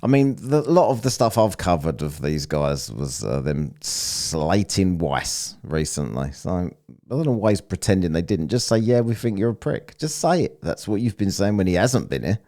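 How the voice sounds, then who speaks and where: Sneering man with a deep voice. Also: very animated, normal speed, a little mellow. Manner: mocking, profane, sneering. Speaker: commentator reacting to clips. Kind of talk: sarcastic reaction commentary.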